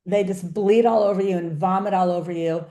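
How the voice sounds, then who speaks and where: A woman's voice: on the low side, steady tone, brisk, mellow, reverberant. A woman hosting a webinar interview, asking thoughtful questions over a video call. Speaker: webinar host.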